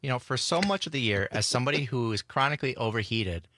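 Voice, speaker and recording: A man's voice: mid-range voice, lively intonation, quick pace, bright, forceful tone, no echo. A man working as producer and engineer on a radio talk show, chiming in with dry, wry remarks in casual banter. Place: radio studio. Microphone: studio microphone.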